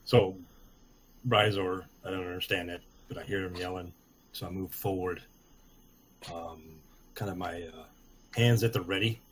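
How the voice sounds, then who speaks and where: Quiet low-voiced man gaming. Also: steady tone, slight background noise. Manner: quiet, measured, low-key. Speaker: player. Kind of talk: casual tabletop game play.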